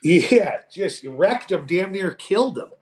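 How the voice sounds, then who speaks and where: A man co-hosting a podcast, talking sports in a profane, animated way and acting out quoted voices. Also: high-pitched, takes it slowly, roomy sound, a little hiss or hum. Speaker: podcast co-host. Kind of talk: casual sports chat.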